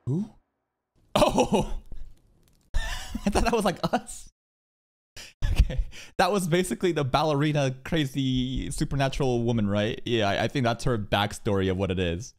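A young man hosting an anime reaction video, talking in a sarcastic, excitable way and swearing freely. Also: medium pitch, normal speed, long pauses. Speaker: anime reaction channel host.

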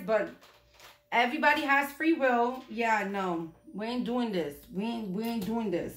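A woman doing a casual tarot reading for her viewers, blunt, profane and animated. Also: fairly high pitch, unhurried. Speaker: tarot reader. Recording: echoey room.

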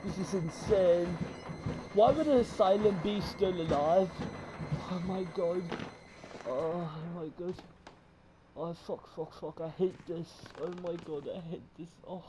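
Guy freaking out over a horror game, high voice, yelps and swears at the viewers. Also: measured pace. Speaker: gamer. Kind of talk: horror game let's play commentary. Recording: loud game noise behind the voice.

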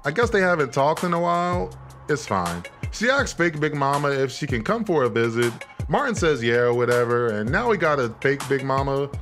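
A man's voice: medium pitch, very animated, a little fast, fairly bright tone, faint music behind. A man giving blunt, sarcastic, profane commentary while recapping a movie on a reaction stream.

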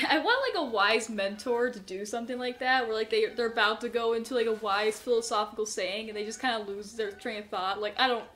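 A woman's voice: fairly high pitch, fairly quick, hardly any pauses, fairly bright tone. A young woman commenting on her own gameplay, who panics and shrieks in tense moments, then rambles and laughs at herself. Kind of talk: let's play commentary.

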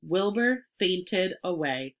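A woman reading a children's storybook chapter aloud, expressive and clear. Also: lowish voice, slow pace. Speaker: reader.

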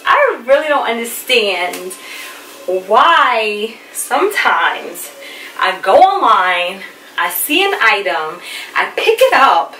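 A woman's voice: a little high, pushed and bright, reverberant, distant mic, slight background noise. A woman chatting casually to camera about clothes she bought, candid and full of fillers, a little out of breath. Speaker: fashion haul vlogger. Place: busy room at home.

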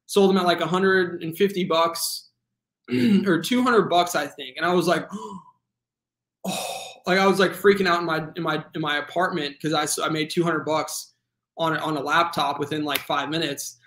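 A man in his twenties, a guest telling his story in a casual, earnest way, full of fillers and animated retelling. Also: fairly high pitch, moderate pace, roomy sound. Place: home room.

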